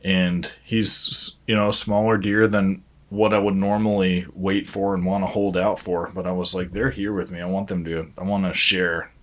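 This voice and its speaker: A man hosting a casual podcast chat. His voice is very deep and stays level, and he rambles along easily with lots of fillers. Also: little pitch movement, normal speed, few pauses. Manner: easygoing, rambling, with many fillers. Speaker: podcast host.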